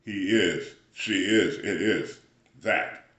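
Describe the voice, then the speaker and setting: Brief: man, very deep voice, unhurried rambling spiritual talk, echoey room. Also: fairly bright tone. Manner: rambling, musing, frequent throat-clearing.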